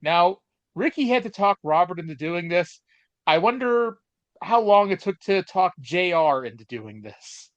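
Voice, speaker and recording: This co-host of a laid-back podcast speaks in a high-sitting, very animated voice at a measured pace. His storytelling rambles and stalls with lots of fillers, captured in a dry, dull lo-fi recording without room sound.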